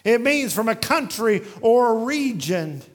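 A man preaching a sermon verse by verse, asking and answering his own questions and slowing down to read scripture aloud. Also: very high-pitched, sing-song. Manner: varies pace widely, slowing down when reading scripture aloud. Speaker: pastor.

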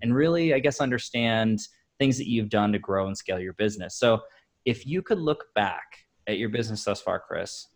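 A male interview host with a low voice speaks in an affirming way, drops in frequent encouraging interjections and then frames his next question at length. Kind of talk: podcast interview.

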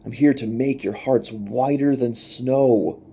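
Warm, husky-voiced male preacher. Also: takes it slowly. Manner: earnest preaching, voices quotes with rising pitch. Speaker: pastor. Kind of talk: sermon.

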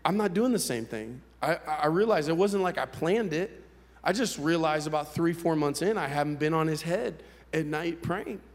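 A male pastor telling a personal story in a sermon, candid and conversational, with halting restarts. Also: fairly high pitch, animated. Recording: long hall reverb.

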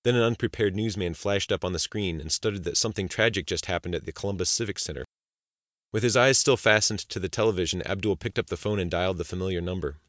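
A man reading a thriller audiobook aloud in a steady, measured way. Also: sits low, dry recording, studio quality. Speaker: narrator. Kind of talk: scripted audiobook narration.

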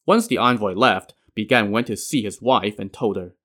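A man's voice: on the low side, moderate pace, hardly any pauses, a bit bright. A male storyteller retelling a classic tale in casual narration with wry modern asides.

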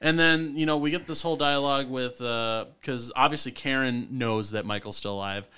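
Bright, crisp-voiced man recapping a movie. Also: mid-range voice, a little fast. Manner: enthusiastic, swears freely. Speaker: podcast co-host. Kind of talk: casual movie recap chat.

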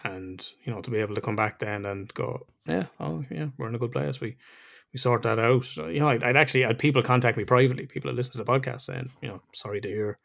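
Man, middle-aged, gravelly, podcast host, candid, sweary, casual chat. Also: medium pitch, fast, a bit bright. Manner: candid, reflective, swears freely.

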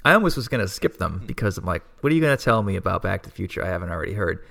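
A man with a lowish, gravelly voice chats on a podcast. He agrees readily and jumps in with his own enthusiastic opinions. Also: very animated, racing, fairly bright tone. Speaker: podcast co-host. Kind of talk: casual chat.

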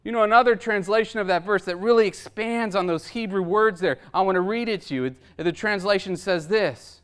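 High, smooth-voiced male preacher. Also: fairly quick, hardly any pauses, a bit bright. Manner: emphatic, rhetorical, tags points with "right?". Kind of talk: sermon.

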